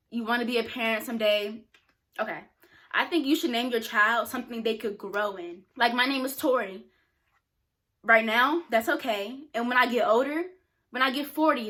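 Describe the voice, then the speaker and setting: A woman's voice: on the high side, sharp tone. A young woman talking frankly and casually to camera, answering questions with plenty of filler words. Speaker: YouTuber.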